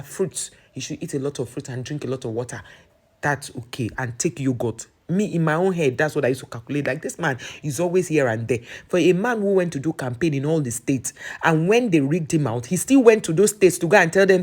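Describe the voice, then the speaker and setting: A young woman with a Nigerian accent, telling a political story in casual, animated commentary full of restarts. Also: low voice, slightly rough.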